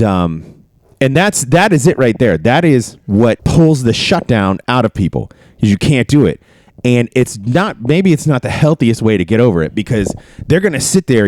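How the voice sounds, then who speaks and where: A man casually telling stories from his army career, cursing freely and getting animated. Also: mid-range voice, no echo, clean studio sound. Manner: profane, animated storytelling. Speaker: podcast host. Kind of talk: casual storytelling chat.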